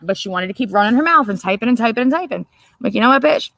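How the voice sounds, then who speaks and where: A woman hosting a casual livestream, telling a story in a profane, animated way and laughing often. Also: fairly high pitch, very fast, a little hiss or hum. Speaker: livestream host.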